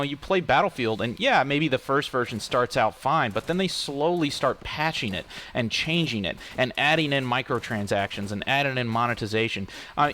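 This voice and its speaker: A man's voice: mid-range voice, a bit bright. A man who develops games, chatting casually while playing and rambling through answers with lots of fillers and restarts. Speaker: game developer and streamer. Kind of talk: casual gameplay commentary.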